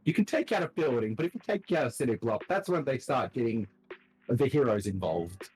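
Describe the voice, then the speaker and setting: A man's voice: medium pitch, a little fast, faint music behind, rough recording. A man acting as game master, casually explaining the setting of his game. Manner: lively, explanatory.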